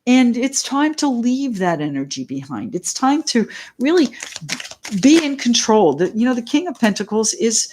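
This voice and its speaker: Excitable chatty woman reading tarot. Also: on the high side, normal speed, a little hiss or hum. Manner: excitable, chatty, greets viewers by name. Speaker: tarot reader.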